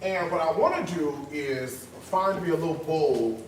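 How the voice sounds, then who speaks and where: A man hosting a casual cooking vlog, chatting straight to viewers and bursting into high whoops and moans of delight while he cooks in a kitchen. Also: lively intonation, measured pace, noisy background. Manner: chatty, addresses viewers directly. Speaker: cooking channel host. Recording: echoey room.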